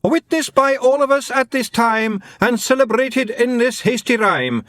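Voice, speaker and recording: A man's voice: very high voice, steady tone, a little slow, a bit bright, no room sound, studio quality, pitched above the performer's own voice. A man voicing a tiny, theatrical male pixie poet who declaims mournful rhyming verse in a groaning wail. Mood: theatrical lament.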